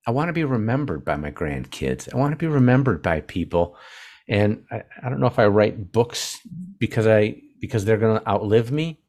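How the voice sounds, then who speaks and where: Low-voiced older man, halting and earnest. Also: expressive, darkish tone. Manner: halting, restarts often, earnest and heartfelt. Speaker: author guest. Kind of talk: casual interview talk.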